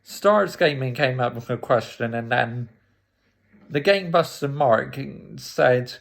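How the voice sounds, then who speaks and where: Slow-talking man with gravelly voice. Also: medium pitch, animated. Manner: chatty, laughs often while retelling. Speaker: YouTuber. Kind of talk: casual storytelling recap.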